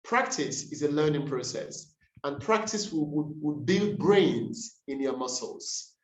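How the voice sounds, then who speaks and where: A man's voice: on the high side, expressive, a little slow. Man drilling pronunciation, echoey room. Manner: demonstrative, repeats words to model stress. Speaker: workshop facilitator. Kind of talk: pronunciation tips session on a video call. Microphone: computer mic on a video call.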